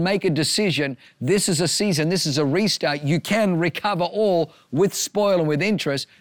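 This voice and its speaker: A man's voice: on the high side, no room sound, clean studio sound. A man preaching an earnest sermon as a pastor, driving home a repeated refrain with emphasis.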